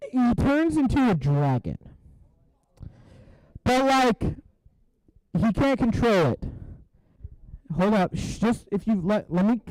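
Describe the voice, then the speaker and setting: A young man giving a youth sermon, telling a story with jokes and then dropping to a hushed, serious tone. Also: extremely high pitch, no echo, rough recording. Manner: animated and joking, drops to a hushed tone for serious parts. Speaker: youth pastor.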